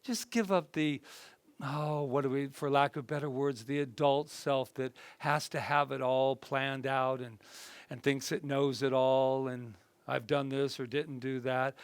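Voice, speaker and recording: A man leading a workshop as a minister, talking conversationally with the group and then guiding them through a slow, soothing meditation in a room. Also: mid-range voice, over music. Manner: lively and conversational, softening into slow soothing guidance. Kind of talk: workshop talk and guided meditation. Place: indoor group session room.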